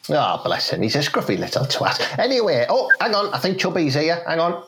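A man's voice: wildly swooping pitch, a little fast, background noise. A man doing a blunt sweary football manager. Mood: brisk. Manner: blunt, sweary, swings up and down in pitch. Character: blunt older football manager, gruff and coarse. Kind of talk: comedy sketch impression.

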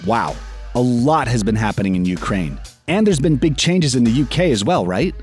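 A man's voice: medium pitch, big pitch swings, normal speed, darkish tone, faint music behind. Playful man co-hosting the news. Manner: playful, jokey. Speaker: news show co-host. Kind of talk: scripted news banter.

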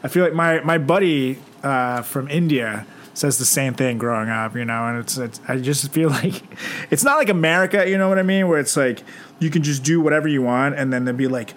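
A man co-hosting a podcast in casual banter, laughing often and acting out loud quotes. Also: medium pitch, expressive, a little fast. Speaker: podcast co-host.

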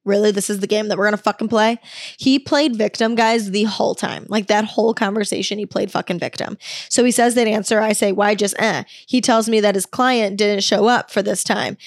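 A woman's voice: mid-range voice, fairly even intonation, brisk, no room sound. Young woman host, casual solo storytelling, blunt and profane, close dry mic. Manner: candid and profane, exasperated. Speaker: podcast host.

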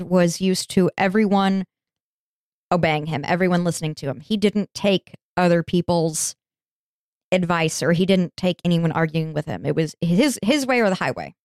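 A woman's voice: on the low side, clear, resonant tone, no echo, clean studio sound. A woman hosting a podcast, telling a history story in a chatty, informal way and swearing casually. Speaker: podcast host.

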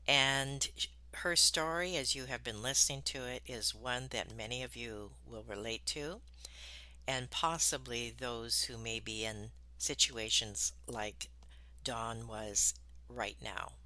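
A man hosts a podcast and opens the interview with a brisk welcome. His voice is very bright and forceful, at an ordinary pitch for a man. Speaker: podcast host. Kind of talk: interview introduction.

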